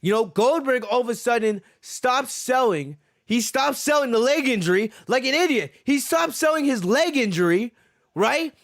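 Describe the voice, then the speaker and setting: High-voiced man ranting on a podcast. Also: expressive, moderate pace, no room sound, clean studio sound. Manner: ranting, repeats himself, profane. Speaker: podcast host. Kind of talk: heated wrestling show review.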